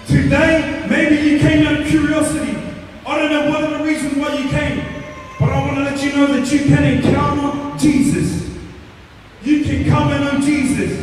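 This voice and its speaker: A man preaching an impassioned altar-call sermon at a concert, rising to shouts, recorded from a distance in a large hall with music underneath. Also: extremely high pitch, slight background noise. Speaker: evangelist. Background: music playing under the sermon.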